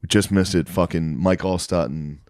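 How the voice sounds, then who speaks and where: A man in casual podcast banter, excitable and profane, laughing often. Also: low voice, moderate pace, dry recording, clean studio sound. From Florida. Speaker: podcast host.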